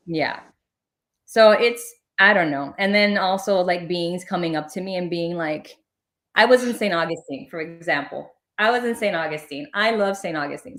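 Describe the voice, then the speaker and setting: A woman's voice: on the low side, moderate pace, fairly bright tone. Rambling woman guest telling a story. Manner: rambling, full of filler "like"s. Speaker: podcast guest, spiritual medium. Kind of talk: casual storytelling in an interview.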